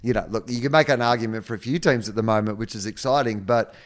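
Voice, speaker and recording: A man's voice: medium pitch, fast talker. A man co-hosting a casual sports podcast, talking in a laid-back, rambling way with many fillers and restarts. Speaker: podcast co-host.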